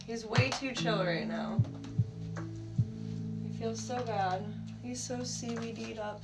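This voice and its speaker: A woman streams live from home on a phone held in her hand, cooing affectionately to her pets. Her voice sits a bit high and she speaks slowly and gently. Loud music fills the room behind her. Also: poor audio. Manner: cooing, affectionate baby talk to her animals. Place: home, indoors.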